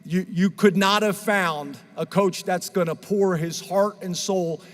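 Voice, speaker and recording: Speaking a little slowly and with fairly even intonation, a male head football coach gives a heartfelt, emotional press conference talk, now and then tripping into fillers and restarts. His high, bright-edged voice carries a long reverb, like a big hall, and soft music plays in the background.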